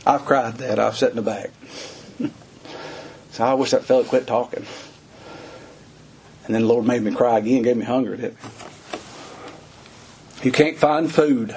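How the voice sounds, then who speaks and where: A man's voice: mid-range voice, normal speed, long pauses, darkish tone, a little hiss or hum. A middle-aged man preaching a sermon in a folksy, dramatic way that rises into urgent cries.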